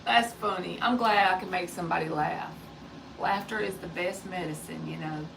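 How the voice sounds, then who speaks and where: A woman in her forties reads tarot on a live stream, chatting casually and joking while relaying comments from someone off-mic. Her voice is low and creaky at normal speed, captured from a distance and a bit off-mic, with faint background noise.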